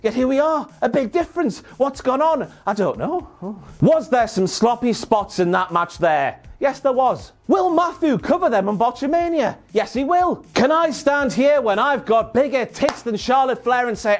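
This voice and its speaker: A man's voice: sits high, animated, normal speed, hardly any pauses. A man hosting a comedic wrestling recap, with cheeky, sweary, mock-outraged banter. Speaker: wrestling show recap host.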